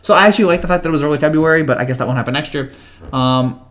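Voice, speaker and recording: With a rapid-fire, somewhat bright voice on the high side, a man in his twenties hosts a casual livestream. He reads comments and rambles to viewers, his speech packed with fillers and stammered restarts.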